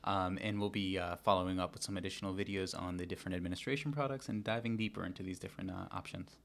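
A man's voice: low-pitched, fast, creaky. A man co-hosting a casual chat show, explaining things steadily with plenty of "um" and "you know". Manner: informative, steady, many fillers. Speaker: co-host.

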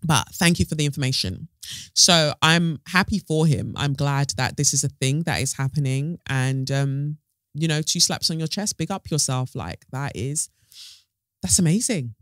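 A woman's voice: low-pitched, normal speed, a bit bright, dry recording, clean studio sound. A British woman hosting a solo podcast, talking in a chatty, playful way, full of asides and slang. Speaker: podcast host. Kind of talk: casual solo podcast chat.

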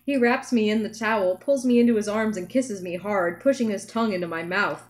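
A woman narrates a novel in a steady, wry read, with joking asides between passages. Her pitch sits in the middle range for a woman. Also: a little fast. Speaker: reader.

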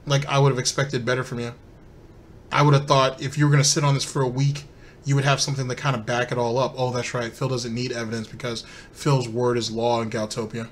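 A man's voice: medium pitch, a bit bright. Sarcastic man mocking clips. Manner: sarcastic and mocking, addresses viewers. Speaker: commentary channel host. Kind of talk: reaction commentary on clips.

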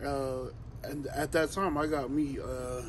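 A man, a professional wrestler, telling stories in casual chat, animated and laughing as he acts out what others said. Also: medium pitch, takes it slowly, crowd noise, poor audio. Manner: animated, laughing storyteller acting out others' voices. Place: outdoors, hot day.

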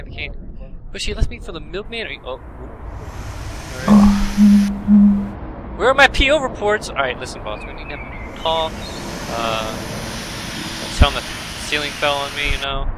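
A man doing let's-play commentary, talking to himself in a frantic way and bursting out loudly. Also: on the high side, normal speed, long pauses, a crowd in the background, poor audio. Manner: frantic self-talk with loud outbursts. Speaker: gaming commentator.

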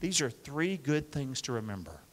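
A male pastor preaching an animated call-and-response sermon, coaxing the congregation to repeat after him and using football pep-talk imagery. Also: medium pitch, moderate pace. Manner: energetic, coaxes the congregation to repeat lines. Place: church sanctuary with a congregation. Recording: long reverb of a large church hall.

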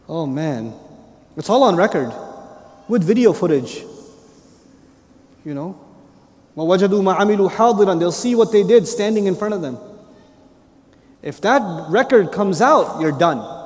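A middle-aged man preaching a lively sermon, often acting out the voices of the people in his stories. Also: high voice. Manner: animated, playful, acts out voices. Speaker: Islamic preacher and teacher. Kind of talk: lively sermon with acted quotes. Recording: long reverb of a large hall.

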